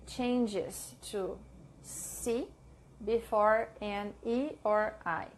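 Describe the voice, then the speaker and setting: A woman reading her study notes aloud, drilling words slowly and stopping to correct her own mix-ups. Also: fairly high pitch. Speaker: language learner sharing study notes. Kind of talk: slow read-aloud study session.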